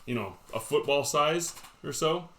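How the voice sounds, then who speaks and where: A man's voice: a little high, a little slow, fairly bright tone. A man telling a story in a casual chat show, rambling, with lots of fillers like "like" and "uh".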